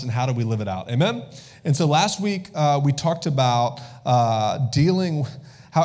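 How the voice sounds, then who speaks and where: A man in his thirties, a pastor, giving a lively call-and-response sermon in a church and asking the congregation for amens. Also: on the high side, normal speed. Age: 30s. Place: church sanctuary.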